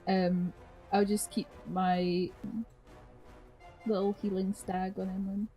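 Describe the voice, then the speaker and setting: A woman's voice: medium pitch, level tone, slow pace, dark tone, soft background music, rough recording. A woman playing a tabletop game, stating her moves in a matter-of-fact, mildly exasperated way. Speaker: player. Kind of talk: casual tabletop game chat.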